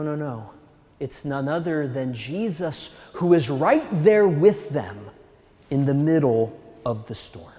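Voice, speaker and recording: Priest preaching slow and gentle, voice goes up and down a lot, big echoey church. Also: male voice, fairly high pitch. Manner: gentle, slow, reassuring, with a touch of humor. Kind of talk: sermon.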